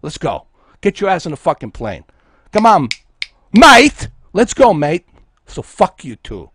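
A man's voice: fairly high pitch, big pitch swings, normal speed, darkish tone, husky, no echo. A man from Bosnia, a game streamer delivering an aggressive, profane, taunting livestream rant at his viewers.

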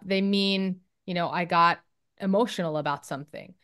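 A woman's voice: medium pitch, normal speed, a bit bright, clear, resonant tone. A woman occupational therapist explaining her work in a casual interview, thoughtful with many fillers and restarts.

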